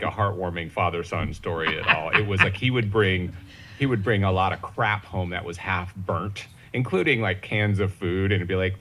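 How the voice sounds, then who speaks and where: Halting, jokey man telling a story. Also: on the low side, fairly bright tone. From Ohio, USA. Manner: halting, many restarts and "you know what I mean", jokey asides. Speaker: podcast guest. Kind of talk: casual conversational storytelling.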